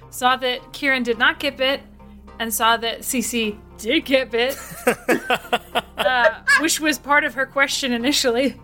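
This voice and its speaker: Bright-voiced woman playing a tabletop game. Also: a little high. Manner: hesitant, describing her character. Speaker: player.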